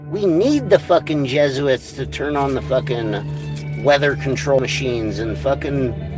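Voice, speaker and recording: A man's voice: mid-range voice, a little slow, music in the background. A man ranting on a livestream, angry, crude and rambling. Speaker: livestream host.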